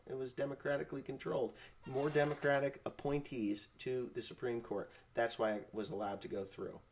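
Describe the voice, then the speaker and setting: A man hosting a casual farm talk show, ranting bluntly and swearing as he gets fired up. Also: medium pitch. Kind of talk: casual ranting live chat.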